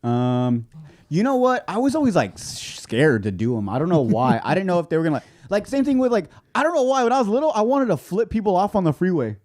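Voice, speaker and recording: Fast, animated man rambling on a podcast. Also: high voice. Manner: rambling, animated storytelling with lots of fillers. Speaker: podcast co-host. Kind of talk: casual chat.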